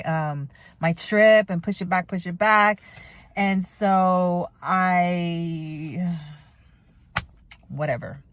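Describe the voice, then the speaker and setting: A woman's voice: on the low side, no echo. A young woman from the United States telling a rambling, candid story to her vlog audience and swearing freely. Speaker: vlogger.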